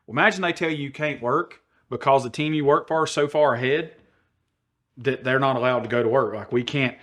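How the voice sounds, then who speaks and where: A man's voice: mid-range voice, a little fast, a bit bright. A middle-aged man with a Southern US drawl. He tells a rowdy, profane story as a podcast co-host and slips into the voices of the people he quotes. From American South. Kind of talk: animated storytelling.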